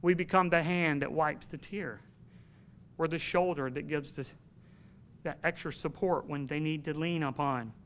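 A man's voice: fairly high pitch, moderate pace, fairly bright tone, a little hiss or hum. A man preaching a sermon to his congregation in an earnest, emphatic way, telling a personal story.

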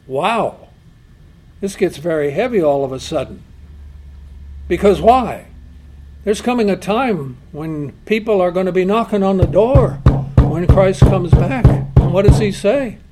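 A man's voice: high-pitched, lively intonation, a little slow, mellow. A man preaching a sermon, emphatic, asking rhetorical questions and quoting God and scripture.

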